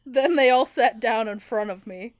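A woman's voice: on the high side, normal speed, no room sound, clean studio sound. A young woman co-hosting a comedy podcast, reading fan fiction aloud and often breaking into laughter.

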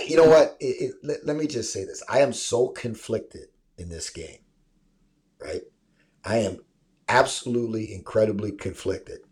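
A man's voice: lowish voice, darkish tone. A man hosting a sports show over a remote call, talking casually and emphatically, often tagging "right?" onto his points. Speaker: show host. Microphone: remote call mic.

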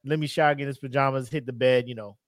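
A young man in casual podcast chat, telling animated stories and acting out scenes. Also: medium pitch, rapid-fire, no echo, clean studio sound. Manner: animated storytelling, acts out scenes. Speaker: podcast co-host.

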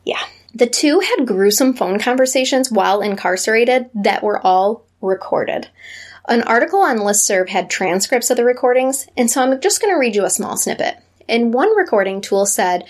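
True crime podcast lady, kinda high voice, reads notes w dry dark jokes. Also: animated, moderate pace. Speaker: podcast co-host.

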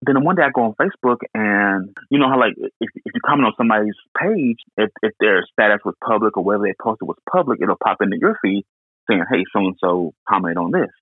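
A young man from Houston, Texas, telling a personal story in an earnest, halting way with many restarts. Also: lowish voice, expressive, slightly rough, no room sound. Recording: tinny phone-like line.

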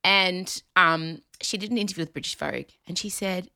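A woman co-hosting a podcast in casual chat, animated and joking, slipping into mock voices for laughs. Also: lowish voice, normal speed, vocal fry, clear, resonant tone. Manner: animated, puts on mock accents for jokes. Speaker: podcast co-host.

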